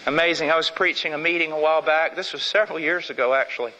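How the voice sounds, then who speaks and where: A man's voice: quick pace, dull audio, a little hiss or hum. Fervent preacher man in a reverberant hall. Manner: fervent, repeats phrases for emphasis, swings from loud to low. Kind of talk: sermon.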